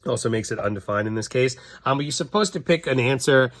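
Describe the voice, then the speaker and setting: A man's voice: medium pitch, lively intonation, fast talker, a bit bright, dry recording, clean studio sound. Casual man teaching math. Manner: casual, chatty, thinks aloud. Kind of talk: recorded classroom lesson walkthrough.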